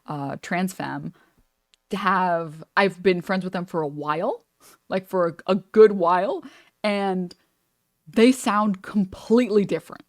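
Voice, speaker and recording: Her voice is fairly low and unhurried, recorded cleanly in a studio with no echo. This woman streamer chats casually on a live stream as she reacts to a video, rambling along with frequent fillers and restarts.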